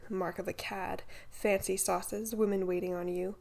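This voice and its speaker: A woman voicing a hearty, boastful middle-aged schoolmaster who talks in clipped slang, in a gravelly voice. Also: mid-range voice, little pitch movement, moderate pace, darkish tone, close to an everyday voice. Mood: blustering.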